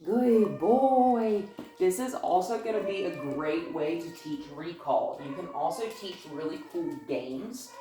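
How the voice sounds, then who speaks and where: A woman's voice: sits low, lively intonation, a little slow, few pauses, dark tone. A woman dog trainer giving a casual demonstration at home, chatty and upbeat, often praising the dog. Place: living room at home with a couch. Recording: echoey room from far off.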